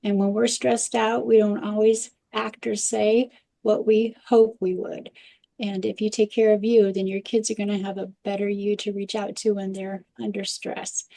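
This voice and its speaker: Woman parenting expert, mellow tone, storyteller's delivery, interview guest. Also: mid-range voice, vocal fry. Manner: animated anecdotal storytelling.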